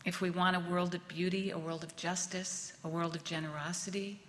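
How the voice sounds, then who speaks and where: A woman minister giving a reflective sermon, speaking gently and letting words trail off softly. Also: on the low side, steady tone, fairly quick, slight background noise. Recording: long reverb of a large hall.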